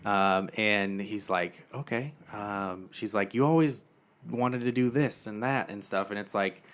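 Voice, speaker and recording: A young man co-hosting a podcast casually recounts a TV episode, acting out the characters' lines in quiet quoted voices. His voice is on the low side, steady in tone and unhurried.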